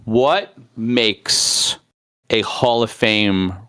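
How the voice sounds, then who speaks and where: A man's voice: fairly low pitch, extremely slow, a bit bright, clean tone, no room sound, clean studio sound. A man co-hosting a casual podcast who steers the talk with short questions. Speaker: podcast co-host. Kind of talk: casual chat.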